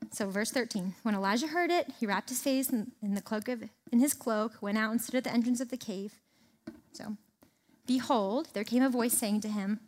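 A woman preaching a sermon in a casual, conversational way, reading scripture aloud and paraphrasing it in everyday talk. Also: a little high. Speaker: speaker teaching a Bible passage.

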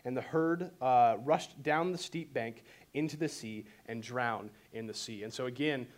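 A man preaching a sermon and telling the story in an animated way. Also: mid-range voice, a little slow. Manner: animated storytelling, voices quotes dramatically. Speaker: pastor.

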